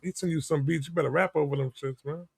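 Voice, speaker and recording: A man's voice: fairly high pitch, steady tone, fast talker, vocal fry, darkish tone, husky, no room sound. Teasing man on a podcast, dry sound. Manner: teasing, repeats jokes. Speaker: podcast co-host. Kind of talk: casual chat.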